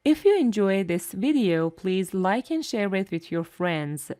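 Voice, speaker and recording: A woman teaching English pronunciation in a slow, scripted lesson, saying each example word twice with careful enunciation. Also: medium pitch, big pitch swings, warm tone.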